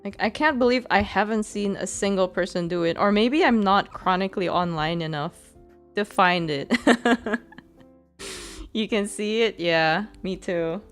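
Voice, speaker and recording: A woman chats casually with her stream, rambling along with frequent fillers and a giggly manner. Her voice sits at an ordinary middle pitch. Soft music plays faintly underneath. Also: measured pace. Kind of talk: casual chat.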